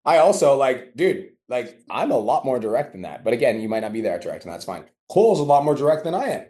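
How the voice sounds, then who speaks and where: A man's voice: medium pitch, big pitch swings, quick pace, warm tone. A man running a coaching call, blunt and profane, acting out little exchanges as he talks. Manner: blunt, profane, acts out dialogue. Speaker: business coach.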